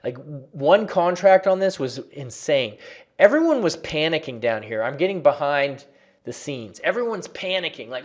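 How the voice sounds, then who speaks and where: Energetic man teaching a chart lesson. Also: fairly high pitch, moderate pace. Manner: energetic, conversational, repeats for emphasis. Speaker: trading educator.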